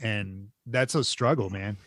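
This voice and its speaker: On a movie podcast, this co-host talks casually and excitedly, cursing freely and doing animated voices when quoting others. He has a fairly low voice and an unhurried pace, in a dry, studio-quality recording.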